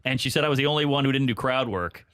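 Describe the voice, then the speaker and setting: A man's voice: medium pitch, fast, clear, resonant tone, dry recording, clean studio sound. A man, a stand-up comedian, chatting casually as a podcast guest and acting out voices in his stories. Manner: animated storyteller, acts out voices. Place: New York.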